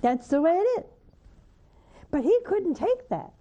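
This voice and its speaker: Slow, mellow-voiced older nun preaching. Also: female voice, very animated, muffled recording. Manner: fervent, coaxing, rising to high emphatic peaks. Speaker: nun hosting a call-in show. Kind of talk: preaching and answering callers.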